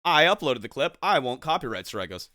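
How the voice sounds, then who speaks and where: Animated, swearing man on a podcast. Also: mid-range voice, fairly quick, dry recording, clean studio sound. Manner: animated storyteller, swears freely, acts out quotes. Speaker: podcast co-host. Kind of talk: casual gaming chat.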